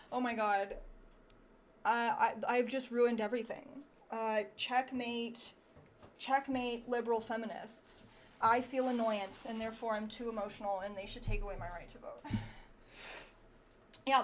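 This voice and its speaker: A woman livestreaming political commentary, reading chat aloud in a sarcastic, animated way and swearing freely. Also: a little high, a little hiss or hum.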